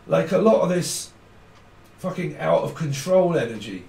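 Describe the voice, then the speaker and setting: A man's voice: on the high side, animated, moderate pace, vocal fry, dark tone. A man giving a rambling tarot reading, blunt and swearing casually as he goes. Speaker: tarot reader. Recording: echoey room, mic at a distance.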